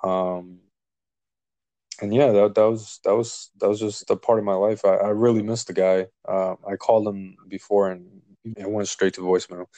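A man's voice: fairly low pitch, normal speed, dry recording. A man telling a personal story in casual chat, acting out the voices of the people in it. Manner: animated, acts out quoted dialogue. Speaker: guest telling a life story.

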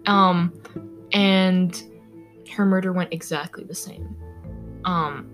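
A woman's voice: fairly low pitch, fairly even intonation, slow, faint music behind. A young woman hosting a podcast, telling a true-crime story in casual chat with lots of fillers and stumbles over names. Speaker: podcast host.

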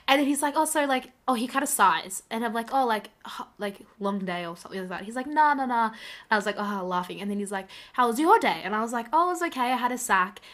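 A teenage girl tells a story in casual podcast chat, gushing and animated. Her voice is bright and a touch high, with a slight rasp from a lingering cough. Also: fast talker. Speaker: podcast co-host.

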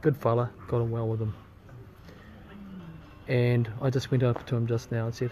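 A man with a New Zealand accent giving a casual, earnest video update from an airport terminal, speaking in a halting, indignant way. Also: mid-range voice, level tone, dark tone, slight background noise. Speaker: campaign leader posting a video update. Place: airport terminal, waiting on a delayed flight. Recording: crowd chatter behind.

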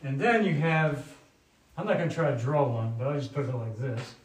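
Male preacher, mid-pitched, relaxed sermon delivery with restarts, explaining from a board. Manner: unhurried, thinking aloud with restarts, drawing on a board.

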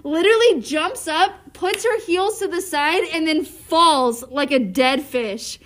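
A woman with a high, bright voice talks like a teacher recording a podcast for her students. She tells classroom stories in an animated, giggly way, as if she can barely hold back her laughter. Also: unhurried. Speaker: middle school teacher. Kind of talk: casual podcast chat with students.

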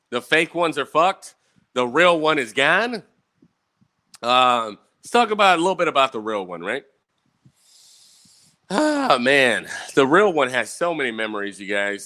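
A man's voice: medium pitch, bright, forceful tone. Profane rambling man telling stories. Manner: profane, rambling, keeps asking "right?". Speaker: vlogger. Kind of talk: casual rambling storytime.

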